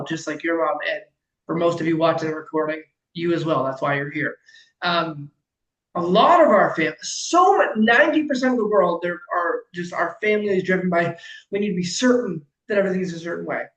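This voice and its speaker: A man coaching a client in casual conversation, emphatic and animated, swearing freely and acting out quotes loudly. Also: high-pitched, normal speed, roomy sound, poor audio. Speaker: life coach.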